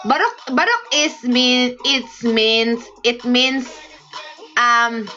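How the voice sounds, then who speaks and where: A bright, high-voiced woman with a Filipino accent talks unhurriedly to her livestream viewers. She speaks simple broken English and laughs often. The audio is dull and lo-fi, with faint music underneath. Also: slow. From Philippines. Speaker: livestream host. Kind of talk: casual livestream chat reading comments.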